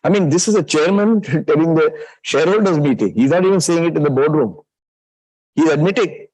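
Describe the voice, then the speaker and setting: A man's voice: on the high side, lively intonation, a little fast, a little mellow, no echo, low-quality recording. An older man with an Indian accent giving a public lecture, reflective and full of anecdotes, now and then slipping in Hindi phrases. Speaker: guest speaker, retired business executive.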